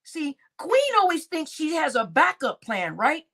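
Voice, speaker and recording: A woman commentator talks through online drama in an unhurried, drawn-out way. Her high voice swoops up and down as she laughs at her own remarks, swears casually and circles back to repeat her points. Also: huge pitch swings, a bit bright. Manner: laughs often, swears freely, repeats phrases. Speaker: YouTube commentator.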